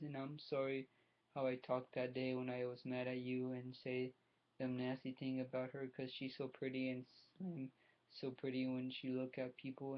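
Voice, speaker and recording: Male amateur audiobook reader, very flat delivery, halting with restarts, dull lo-fi sound. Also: medium pitch. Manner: halting reading with frequent restarts. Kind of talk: reading a novel chapter aloud.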